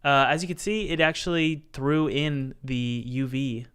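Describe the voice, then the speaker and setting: Smooth-voiced playful man streaming game dev. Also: mid-range voice, fairly even intonation, measured pace. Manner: playful, jokey, chats directly with the live chat; talks himself through software steps aloud. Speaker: indie game developer and streamer.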